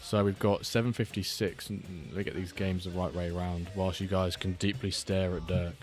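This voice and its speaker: A man hosts a live watchalong in a relaxed, rambling way, chatting to viewers and reading their messages aloud. His voice sits on the low side. Quiet guitar music plays in the background. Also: brisk. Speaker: streamer hosting a watchalong. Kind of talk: casual live-stream chat. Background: faint background music.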